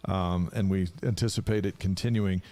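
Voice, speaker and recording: Low-voiced man co-hosting a talk show. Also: fairly even intonation, normal speed, warm tone. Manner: prompts the guest with questions. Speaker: radio show co-host. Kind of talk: casual sports talk.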